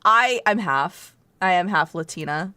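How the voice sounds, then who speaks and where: Giggly streamer woman, lively pitch. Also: unhurried, no room sound. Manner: giggly, playful, chatty. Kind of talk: casual gameplay commentary.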